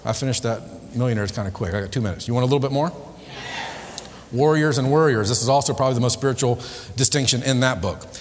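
Male motivational speaker, mid-pitched, emphatic and repetitive, quizzing a live crowd in a reverberant hall. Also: quick pace. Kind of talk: live motivational seminar talk with spiritual themes. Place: large hall before a live audience. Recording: echoey hall with long reverb.

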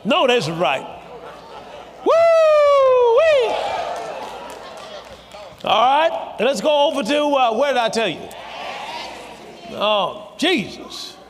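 A man preaching a sermon, shouting and drawing out his emphatic phrases. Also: very high-pitched, big pitch swings, takes it slowly, a crowd in the background, background noise. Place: large church hall. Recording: long reverb from a live congregation.

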